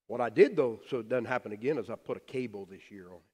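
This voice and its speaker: A middle-aged man preaching a sermon as pastor, telling stories with animated emphasis that drops to soft, quiet phrases. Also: lowish voice, fast, few pauses. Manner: animated storytelling, swings from loud emphasis to soft near-whispers. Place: church sanctuary. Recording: long hall reverb.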